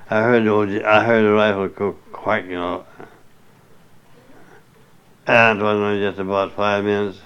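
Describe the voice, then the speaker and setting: Older man, oral-history interviewee. Low, smooth voice, folksy and salty storytelling, muffled lo-fi tape. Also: level tone, a little slow, long pauses, fairly bright tone. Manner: folksy, salty, chuckling yarn-spinner. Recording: muffled lo-fi recording.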